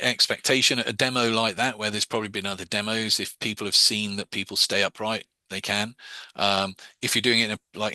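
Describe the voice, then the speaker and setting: Male instructor, low-pitched and sharp-toned, casual explainer with a close, dry video-call sound. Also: dry recording. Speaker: hypnosis teacher. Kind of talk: casual online class.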